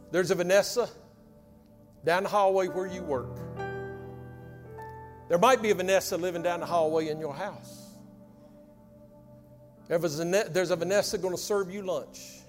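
A man preaching a sermon as pastor, telling a folksy story that sinks into hushed intensity. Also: sits high, unhurried, long pauses. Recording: long hall reverb with faint music.

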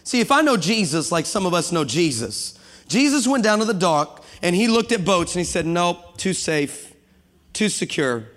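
A man preaching an energetic sermon as a guest pastor, acting out voices and calling out to the congregation. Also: high voice, brisk. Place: church sanctuary with long reverb. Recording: reverberant church hall.

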